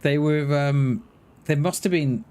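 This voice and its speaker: A man's voice: on the high side, slow, darkish tone, clear, resonant tone. A man streaming a survival game, chatting casually with his viewers in a rambling way, often restarting his words. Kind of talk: casual livestream chat while gaming.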